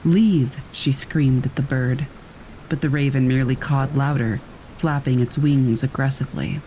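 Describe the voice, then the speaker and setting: A man calmly reading a scripted scary story aloud. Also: medium pitch, moderate pace, a little hiss or hum, poor audio. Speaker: story narrator. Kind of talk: scripted horror story narration.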